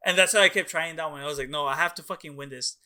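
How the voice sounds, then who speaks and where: A young man tells a story on a casual podcast, rambling and loose, with plenty of "like" and "dude" and frequent swearing. His voice is bright and forceful, sitting a little higher than most men's. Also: racing. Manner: rambling, profane, many "like"s and "dude"s. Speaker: podcast co-host.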